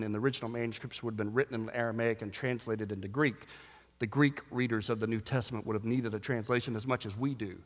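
A male pastor preaching a sermon, swinging between hushed, quiet stretches and loud shouting, with joking asides. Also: medium pitch. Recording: long hall reverb.

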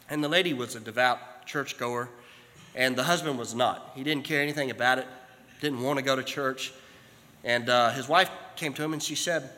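A male pastor preaching a sermon, telling a story that builds toward fervent, shouted calls from the pulpit. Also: medium pitch. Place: church sanctuary. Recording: long hall reverb.

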